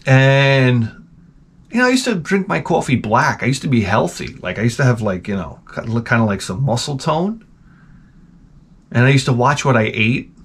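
Animated New guy telling stories. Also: medium pitch, moderate pace, breathy edge. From New York. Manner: animated, profane, sarcastic asides. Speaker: gaming channel host. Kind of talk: casual rambling storytelling.

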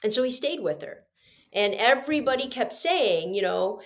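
A woman's voice: a little high, lively intonation, moderate pace. A middle-aged woman, hosting a podcast and telling a personal story in an earnest, confiding way, speaking straight to her listeners. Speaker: podcast host.

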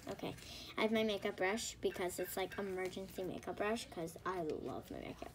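A woman's voice: medium pitch, a little fast, slight background noise. A woman chatting playfully while acting out a doll family story, rambling and giggly. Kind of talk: playful doll role-play narration.

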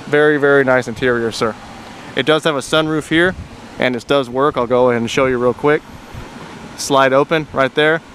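Steady and fairly bright, this man's mid-range voice moves at a moderate pace. He's a salesman showing a buyer around a used car outdoors at a car lot for a walkaround video, saying "very, very" again and again and addressing him as "sir," on a noisy recording.

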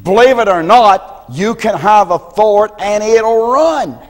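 A man, a pastor from the United States, preaching a sermon in a folksy storytelling way and often clearing his throat. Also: high-pitched, animated, slow pace. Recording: long hall reverb.

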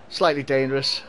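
Fairly high and a bit bright, the voice belongs to a young gaming streamer from Liverpool, England, whose Scouse accent is mild. He laughs often and chats with viewers while giving live commentary on a football video game, and the recording carries a little hiss or hum.

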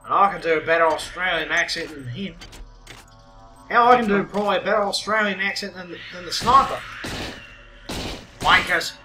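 A man's voice: high-pitched, a little fast, reverberant, music in the background. A man playing a game on a let's play, chatting casually, teasing and swearing a lot. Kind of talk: casual gaming chat.

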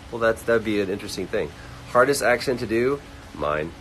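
A man hosting a casual livestream, reading fan comments aloud and answering them quickly. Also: lowish voice, expressive, fairly bright tone, a little hiss or hum, poor audio. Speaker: livestream host answering chat. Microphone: phone livestream.

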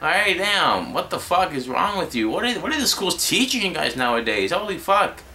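Young man ranting, lively and bright. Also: high voice, normal speed, a little hiss or hum. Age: young adult. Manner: exasperated, swears constantly, rambling. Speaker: vlogger. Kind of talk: profane ranting commentary.

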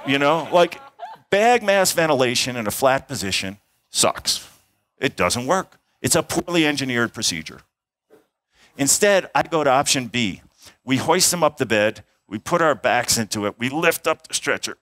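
A man's voice: medium pitch, big pitch swings, moderate pace, a bit bright, no echo. A middle-aged man, an emergency doctor, giving a conference talk, telling a case story with acted-out dialogue and sounds. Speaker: emergency physician and airway instructor. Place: conference hall.

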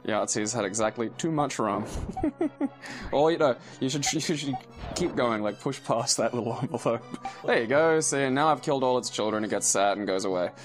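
A man's voice: mid-range voice, big pitch swings, normal speed. A young man giving casual let's play commentary. He swears freely and laughs often. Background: game music.

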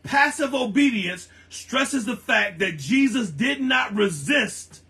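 A male preacher with a high, bright, ringing voice. He delivers his sermon slowly and emphatically, drawing out and repeating key words for weight. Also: expressive, rough recording.

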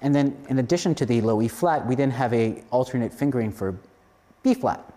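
A male clarinetist calmly explaining the features of a new instrument. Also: medium pitch, a little fast. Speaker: clarinetist giving feedback. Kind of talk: explanatory spoken review.

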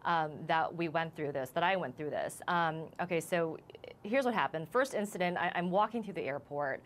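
A woman reporter in a live TV interview, shaken and emotional, speaking haltingly with many restarts. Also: sits low, a little hiss or hum. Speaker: news reporter as guest.

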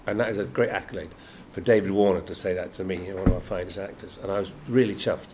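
Older Yorkshire man, lively anecdotal storyteller. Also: deep voice, fast. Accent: Yorkshire English. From Yorkshire, England. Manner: lively storyteller, acts out quotes, laughs often. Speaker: guest actor. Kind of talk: anecdotal interview chat. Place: convention room. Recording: noisy convention room.

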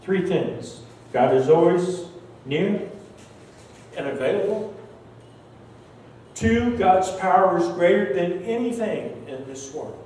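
Slow-preaching older pastor, echoey hall. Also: male voice, high voice, lively intonation, a little hiss or hum. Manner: slow, earnest, emotional storytelling with soft trailing endings. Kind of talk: sermon. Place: large church sanctuary. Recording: very echoey church hall, distant mic.

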